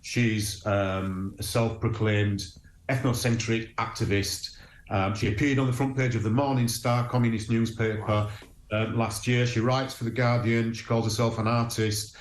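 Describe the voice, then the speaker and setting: A man's voice: fairly low pitch, fairly even intonation, normal speed. A man from Huddersfield, a guest telling his story earnestly, with many ums and restarts. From Huddersfield, England. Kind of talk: remote interview. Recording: echoey room with faint noise.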